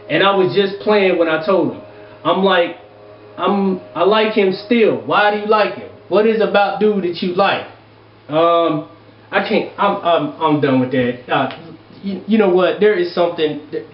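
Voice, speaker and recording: Advice host, male, high voice, loud exasperated rants full of cursing, lo-fi echoey recording. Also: far from the mic. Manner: exasperated, loud, profane ranting. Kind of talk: reading and reacting to viewer letters. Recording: echoey room, dull lo-fi sound.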